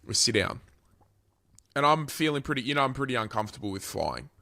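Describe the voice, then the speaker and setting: A young Australian man telling a story on a podcast, animated and sweary, his voice swinging between loud and quiet. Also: medium pitch, fairly quick, vocal fry. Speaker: podcast co-host. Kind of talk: casual storytelling chat.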